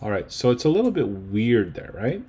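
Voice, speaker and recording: A man's voice: lowish voice, sing-song, normal speed, noisy background. A man teaching a casual lesson on video editing, chatty and often checking in with his students. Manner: chatty, checks in with okay and right.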